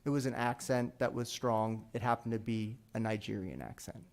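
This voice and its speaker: A man arguing an appeal before a panel of judges. His voice is gravelly and full of vocal fry. He speaks in a measured way and fills pauses with ums. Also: medium pitch, darkish tone. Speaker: defense attorney. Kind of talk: oral argument.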